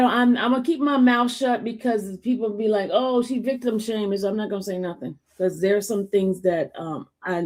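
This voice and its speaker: A middle-aged woman in a casual debate who talks emphatically and stammers a repeated "I" before making her points. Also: medium pitch.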